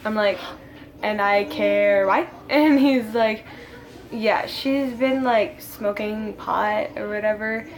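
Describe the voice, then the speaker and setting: A teenage girl vlogger tells a casual storytime to the camera at a friend's home, her mid-range voice moving at a slow pace. She rambles, laughs, and fills her sentences with lots of "like."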